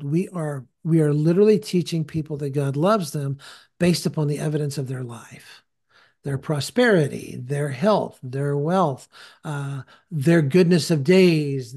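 Male preacher-host with a fairly high voice, telling a story and acting out the people in it. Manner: animated storyteller who acts out the people he quotes. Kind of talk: storytelling in conversation.

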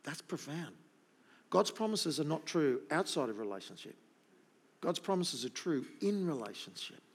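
A man's voice: fairly high pitch, animated, moderate pace, husky. A middle-aged man preaching a sermon, emphatic and repeating his key points. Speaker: pastor.

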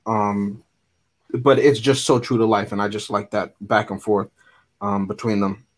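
A man's voice: on the low side, level tone, a little slow. A man co-hosting a podcast, chatting casually about a movie with wry, joking asides. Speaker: podcast co-host.

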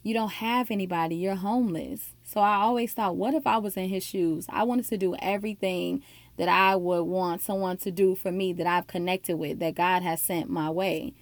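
A woman's voice: on the low side, fairly even intonation, moderate pace, no echo. A woman telling a personal faith story in an earnest, heartfelt way. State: emotional, near tears.

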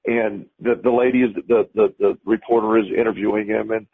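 Over lo-fi, phone-like audio, a man with a fairly low, level voice and a breathy edge talks a little fast. He co-hosts a podcast and rambles through a story in casual conversation, repeating words at the start of his sentences.

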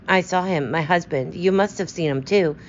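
A frightened widow, tense and pleading and hiding her guilt, as a woman reads her part. The voice is on the low side. There is a faint hiss behind the slightly dull recording. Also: moderate pace, natural voice.

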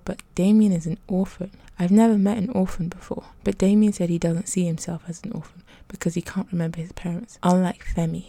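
A woman reading a story aloud softly, often half in a whisper. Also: lowish voice, vocal fry, no echo. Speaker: narrator.

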